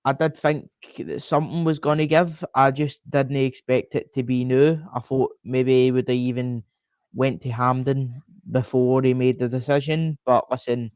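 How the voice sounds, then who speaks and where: A man with a Scottish accent in a casual podcast chat, animated and full of fillers like "uh" and "aye". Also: medium pitch, normal speed, smooth, no room sound, lo-fi sound. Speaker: podcast co-host.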